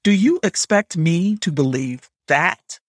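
A man's voice: on the high side, expressive, slow, dry recording, clean studio sound. A man reading a stern goddess grandmother. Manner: hard, demanding tone. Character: stern ancient goddess grandmother, cold and commanding.

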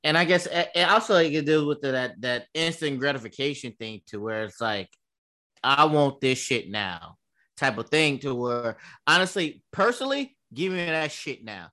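A man's voice: on the high side, lively intonation, moderate pace, few pauses, sharp tone. A man in his thirties co-hosting a podcast, telling stories in a loose, profane way with lots of fillers. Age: 30s. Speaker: podcast co-host. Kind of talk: casual chat.

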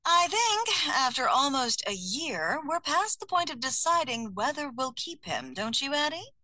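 A woman's voice: high-pitched, very animated, unhurried, sharp tone, no echo, voice pushed up, full character voice. A woman voicing an exasperated, sarcastic heroine who is wrangling her magical pets, in an audiobook. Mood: wry. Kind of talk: audiobook character voice.

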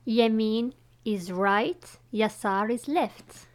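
A woman with an Arabic accent, a native Arabic speaker, calmly teaching words on a casual podcast. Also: a little high. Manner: calm, patient, spells words slowly. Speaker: regular guest language teacher.

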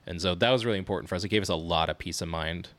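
In casual chat on the parenting podcast he co-hosts, a man in his thirties speaks very fast, his voice sitting very low. He tells stories with animation and keeps breaking into laughs.

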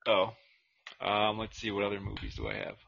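A male co-host with a husky, bright voice that swings lively up and down while he swears and laughs through crude banter. The sound is dull and lo-fi. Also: fairly low pitch, brisk. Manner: profane, laughs often, brainstorms aloud. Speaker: podcast co-host.

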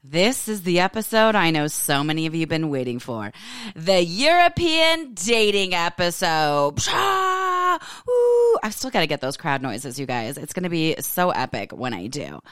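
A woman in her forties hosting a podcast in casual chat, candid and animated, swinging up into high excited exclamations. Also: fairly quick, few pauses, clean tone, no echo, clean studio sound. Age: 40s. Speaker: podcast host. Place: home office.

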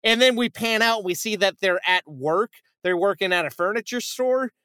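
A man co-hosting a casual podcast, retelling a movie with animated, swearing storytelling. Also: sits high, moderate pace, clean tone, no echo, clean studio sound. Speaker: podcast co-host. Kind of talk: casual chat.

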